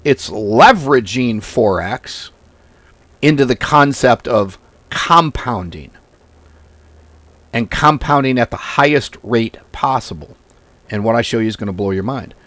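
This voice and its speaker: Blunt, animated man ranting to camera. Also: mid-range voice, unhurried, long pauses, no echo. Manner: blunt, profane, animated storytelling; goes off on tangents. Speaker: forex trading video host. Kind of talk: casual ranting monologue to camera.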